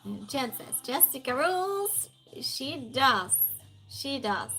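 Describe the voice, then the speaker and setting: Woman, stream host; chatty, laughs easily, greets viewers by name, pitched a bit high. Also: sing-song, slow, sharp tone, husky, faint music behind. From Sweden. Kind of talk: casual livestream chat, reading viewer comments aloud.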